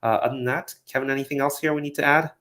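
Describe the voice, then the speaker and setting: A man hosting a casual software product update, relaxed and full of fillers, with upbeat sign-offs. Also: medium pitch, racing.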